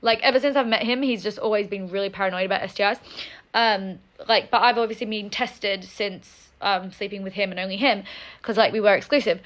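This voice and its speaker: A young woman telling a story time, fuming and upset, talking fast with lots of "like" and swearing. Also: mid-range voice, steady tone. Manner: angry, fast, swears a lot, many "like"s. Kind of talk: casual storytime rant.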